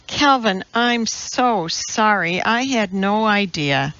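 A woman's voice: huge pitch swings, extremely slow, vocal fry, fairly bright tone, lo-fi sound, full character voice. A woman voicing an anxious, caring young woman who asks pressing questions. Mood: upset. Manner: pressing, concerned questions, raised pitch.

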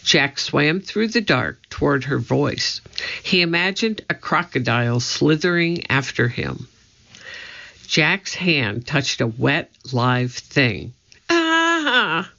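Slow, gravelly man narrating a storybook. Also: medium pitch, animated, bright, forceful tone. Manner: slow, measured, suspenseful reading. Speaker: audiobook narrator. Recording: dull lo-fi recording.

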